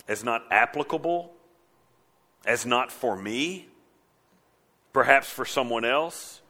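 A man preaching a sermon as a pastor, animated, sometimes mimicking mocking voices. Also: mid-range voice.

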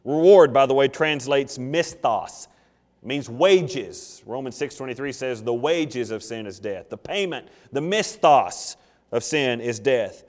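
A man's voice: medium pitch, measured pace, long reverb tail. A man preaching a sermon, telling stories with humor and acting out little scenes. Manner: animated, jokey storytelling with acted asides. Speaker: pastor.

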